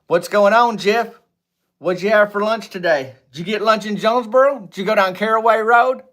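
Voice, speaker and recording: A man hosting a casual livestream, rambling and joking with viewers, swinging between loud greetings and low asides. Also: moderate pace. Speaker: livestream host. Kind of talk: casual live chat with viewers.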